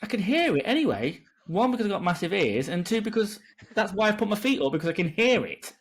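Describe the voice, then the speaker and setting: A man's voice: high voice, fast, breathy edge. A man co-hosting a podcast in casual chat, jokey and sweary as he tells stories. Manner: animated, jokey, sweary storytelling. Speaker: podcast co-host.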